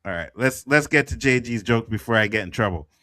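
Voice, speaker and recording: A man's voice: mid-range voice, lively intonation, brisk, bright, forceful tone. A man talking casually as a podcast panelist, often repeating his words as he goes. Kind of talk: casual chat.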